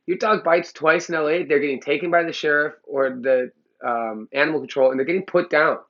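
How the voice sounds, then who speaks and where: A man's voice: on the high side, a little fast, a bit bright, dull audio. A man who trains dogs, lecturing bluntly to the camera in a heated, profane way. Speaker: dog trainer. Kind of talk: blunt opinionated talk to camera. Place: Los Angeles.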